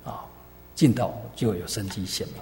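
A man preaching a sermon in short phrases, pausing for his interpreter and rising with emphasis on key lines. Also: lowish voice, a little mellow, soft background music. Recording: echoey hall.

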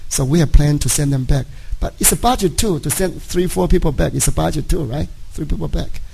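Man, middle-aged, native Chinese speaker, fairly high voice, gravelly, church testimony, halting delivery. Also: background noise. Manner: halting, frequent "right?" tag questions. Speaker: church member giving a testimony. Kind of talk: personal testimony to a congregation.

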